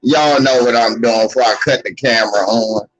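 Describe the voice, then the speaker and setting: A man's voice: medium pitch, moderate pace, a bit bright, low-quality recording. Slangy man chatting on a livestream. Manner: loose, slangy, greeting viewers by name. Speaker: livestream host. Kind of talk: casual livestream chat.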